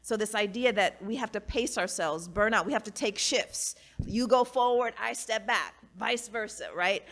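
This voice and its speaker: A woman's voice: medium pitch, moderate pace, hardly any pauses, a bit bright. A woman in conversation with a mid-range voice, talking in an earnest, reflective way. She leans on "you know" and "right?" as she works through her thoughts. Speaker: guest, academic and author. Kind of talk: casual conversation.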